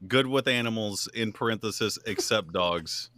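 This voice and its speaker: A man's voice: on the low side, normal speed, sharp tone. A man playing in a tabletop game, joking as he reads out his character's traits. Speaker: player. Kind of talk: casual tabletop game chat.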